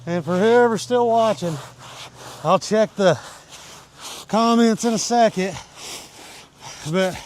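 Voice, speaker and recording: Slow-talking, breathless man on a livestream. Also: high-pitched, slight background noise. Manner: talks to the dog in a soft, coaxing baby-talk voice. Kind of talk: casual live-stream chat while grooming a dog.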